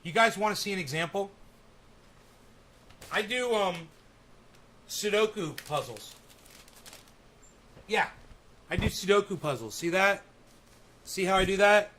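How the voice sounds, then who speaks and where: A man's voice: high-pitched, expressive, measured pace, pauses often, pushed and bright. A man hosting a casual live stream, rambling and swearing, with testy, teasing banter with his viewers.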